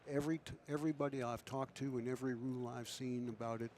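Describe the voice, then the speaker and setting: A man commentating a pool match in a relaxed, chatty way, asking his co-commentator questions and often restarting his sentences. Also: medium pitch, fast, slight background noise.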